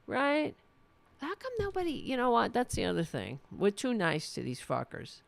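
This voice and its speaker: A woman's voice: fairly high pitch, wildly swooping pitch, normal speed, gravelly, no room sound. A woman hosting a political livestream, ranting with passion, swearing freely and reading viewers' chat comments. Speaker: political talk show host.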